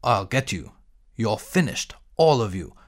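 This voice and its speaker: A man's voice: fairly low pitch, expressive, unhurried, voice pushed down. Man putting on a roaring cave monster. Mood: menacing. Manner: bellowing, threatening. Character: roaring one-eyed male cave monster.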